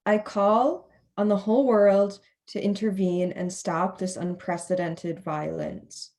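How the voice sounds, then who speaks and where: A woman playing a horrified opposition leader in a staged play reading, pleading slowly to the world. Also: medium pitch, steady tone, darkish tone.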